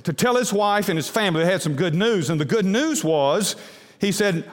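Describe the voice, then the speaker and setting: A man's voice: sits high, lively intonation, moderate pace. A male pastor delivering a folksy sermon in a church, with frequent fillers and restarts. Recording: long hall reverb.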